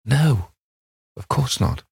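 A vain, boyish young Victorian gentleman, petulant and pleading, as a man reading a storybook puts him on. The voice is lifted above the reader's own deep register, and the recording is close and dry. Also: quick pace, no room sound. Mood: eager.

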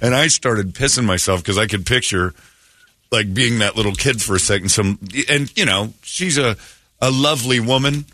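A man's voice: fairly low pitch, normal speed, pushed and bright, no echo, studio quality. A man hosting a morning radio show, telling a rambling, self-amused story and acting out the quotes in exaggerated voices.

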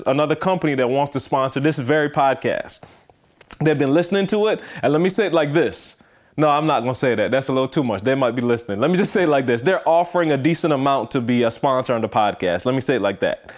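Emphatic man hosting a motivational podcast. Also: a little high. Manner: emphatic, repeats himself for stress. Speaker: podcast host. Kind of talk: casual motivational podcast talk.

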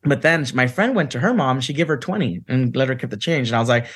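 A man's voice: medium pitch, lively intonation, fast, a bit bright, husky. A man from Santa Ana, California, a guest actor telling stories in a chatty interview, full of "like" and "you know.". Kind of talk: casual storytelling interview.

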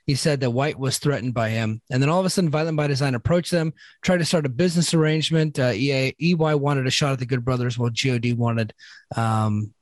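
A man's voice: mid-range voice, quick pace, no echo. A man co-hosting a casual podcast, recapping wrestling in a loose, chatty way with many fillers. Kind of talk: casual chat.

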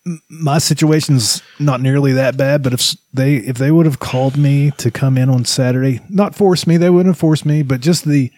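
A man's voice: mid-range voice, fairly even intonation, normal speed, few pauses, a little mellow, dry recording. A man co-hosting a casual podcast who talks with dry, sardonic humor. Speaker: podcast co-host. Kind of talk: casual chat.

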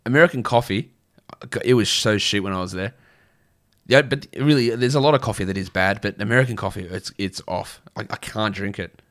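A man's voice: on the low side, fairly quick, fairly bright tone. A man with an Australian accent hosting a casual fantasy basketball livestream, chatting bluntly and answering viewer questions, with frequent restarts and fillers.

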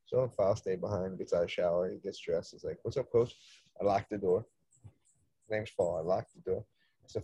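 A man, a soccer coach, telling a story in casual chat, animated, swearing freely and acting out the dialogue. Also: deep voice, fairly quick, breathy edge, no echo. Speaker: soccer coach, podcast guest.

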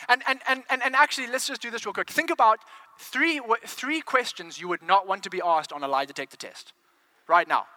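A man's voice: very high-pitched, pushed and bright, no echo. A man preaching a sermon, firing rhetorical questions at the congregation and repeating words as he builds momentum.

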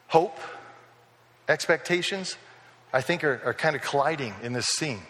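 A man's voice: on the high side, normal speed, pauses often, fairly bright tone, long reverb tail. A male pastor preaching a sermon in a casual, storytelling way, acting out the people in the scripture. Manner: conversational storytelling, acting out quoted voices.

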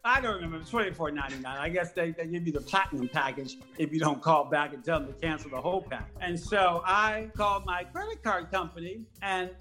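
A woman guest telling a comic story in an animated way, acting out the voices. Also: on the low side, quick pace, few pauses, soft background music, poor audio.

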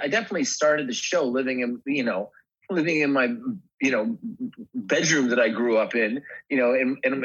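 Husky man talking with many restarts. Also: medium pitch, fairly bright tone, muffled recording. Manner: halting, many restarts and fillers. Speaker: actor guest. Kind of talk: casual interview chat.

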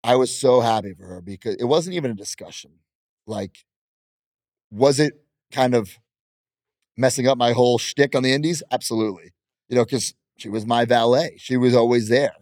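A professional wrestler in his thirties gives a casual interview, loudly boasting and laughing often. The studio-quality recording has no room sound and catches his mid-range, slightly mellow voice at normal speed.

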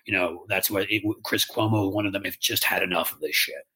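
A man's voice: sits low, fairly even intonation, a little fast, bright, forceful tone, breathy edge. A man co-hosting a podcast, chatting casually and animatedly, mocking people in put-on voices. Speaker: podcast co-host. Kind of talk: casual political chat.

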